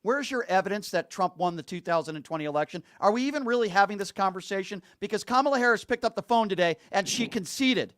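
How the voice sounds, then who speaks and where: A man hosting a call-in radio show with a fairly high voice. He talks bluntly and argues hard with callers. The studio sound is close and dry. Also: expressive, fast talker, few pauses, a bit bright, no echo.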